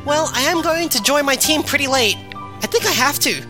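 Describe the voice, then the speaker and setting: A woman voicing a hyper-excited young female sea troll who keeps making fishy glub noises, as a fan reading of chat logs. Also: high voice, moderate pace, music in the background. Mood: cheerful.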